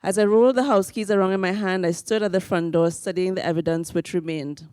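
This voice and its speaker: A woman author reading a passage from her memoir aloud in a measured, even way. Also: lowish voice, clear, resonant tone, dry recording. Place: library event hall.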